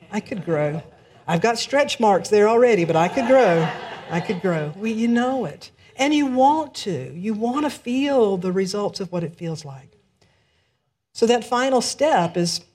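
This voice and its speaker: Woman minister, warm-toned storyteller at the pulpit, lively delivery. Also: mid-range voice. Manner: lively storyteller, laughs through punchlines. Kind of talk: storytelling sermon.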